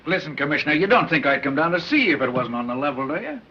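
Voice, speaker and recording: An actor playing a smooth-talking gangster who bargains in slang in an old film. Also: male voice, a little high, sing-song, exaggerated voice. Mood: bargaining. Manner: fast-talking, persuasive slang. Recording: dull muffled 1930s film soundtrack.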